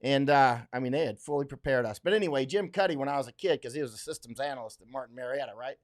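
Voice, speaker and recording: A man's voice: mid-range voice, fast. A middle-aged man from Florida hosting a casual livestream, rambling with many fillers and restarts, blunt and emphatic as he reads viewer comments. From Florida, USA. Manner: blunt, emphatic, laughs often.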